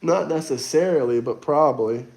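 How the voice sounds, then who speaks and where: A man's voice: fairly high pitch, moderate pace, creaky, darkish tone. A young man from the United States hosting a casual livestream, reading chat and answering viewers in a blunt, argumentative, mocking way. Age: young adult. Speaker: livestream host.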